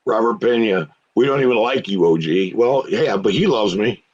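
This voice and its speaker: Animated man from Puerto Rico. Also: lowish voice, normal speed, slightly rough, lo-fi sound. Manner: blunt, animated, reading chat aloud. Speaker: co-host of live fan show. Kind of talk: casual live-stream chat.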